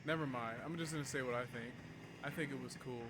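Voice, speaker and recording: A man's voice: medium pitch, fast, background noise. Joking male game streamer. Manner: joking, chatty, laughs often. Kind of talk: casual livestream commentary.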